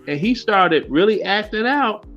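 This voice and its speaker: An older man in a casual panel discussion, plain-spoken, dropping quick asides and agreeing with the others. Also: sits high, expressive, fairly bright tone, muffled recording, faint music behind.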